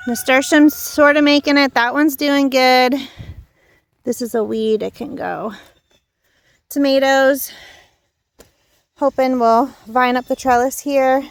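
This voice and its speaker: A woman's voice: high voice, slow pace, long pauses, no room sound. A young woman gives a casual, rambling tour of her backyard garden while filming on a handheld phone, a little out of breath and full of fillers and self-corrections. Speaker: home gardener and channel host.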